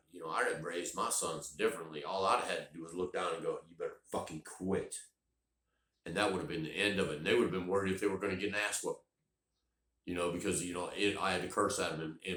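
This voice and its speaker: A man's voice: low voice, fairly bright tone. A middle-aged man, telling a funny personal story in a rambling, profane way with many restarts. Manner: rambling and profane, lots of restarts and "you know". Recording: echoey room.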